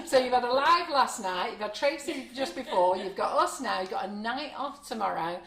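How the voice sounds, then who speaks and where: A woman's voice: a little high, expressive, moderate pace, few pauses, a bit bright, reverberant. A woman hosting a live cake decorating demo, chatty and frank, laughing often. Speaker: baking show host. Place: home kitchen studio.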